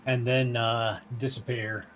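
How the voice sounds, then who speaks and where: A man playing a tabletop horror game, describing his character's actions and pausing to think. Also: mid-range voice, little pitch movement, a bit bright. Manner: hesitant, thinking aloud. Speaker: player. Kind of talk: casual tabletop game play.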